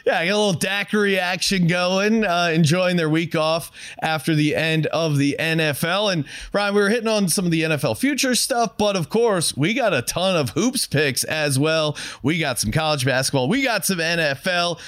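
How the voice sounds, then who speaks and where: A man hosting a sports betting show in casual, relaxed banter. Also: a little high, moderate pace, hardly any pauses, no echo, studio quality. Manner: laughs often, relaxed banter.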